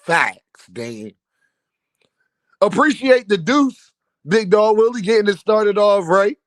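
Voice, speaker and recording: Loud profane boxing livestream host. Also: male voice, high-pitched, no echo. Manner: rowdy, profane, repeats words in rapid stammering runs. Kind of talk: casual boxing talk livestream, reading super chats.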